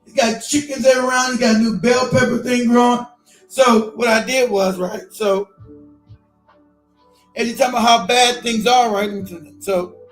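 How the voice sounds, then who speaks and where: A man hosting a live stream, telling a personal story in a profane, animated rant. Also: very high voice, reverberant. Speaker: live-stream show host.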